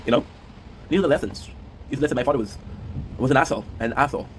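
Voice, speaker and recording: A man's voice: medium pitch, rapid-fire, slight background noise. A young man hosting his gaming channel, talking casually to camera in a rambling way, repeating phrases and swearing now and then. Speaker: gaming YouTuber host.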